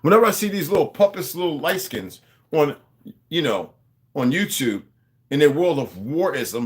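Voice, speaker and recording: A man's voice: a little high, sing-song, normal speed, husky. A man talking to his viewers in a rambling, casual monologue, drifting between asides and restarting his sentences. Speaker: vlogger.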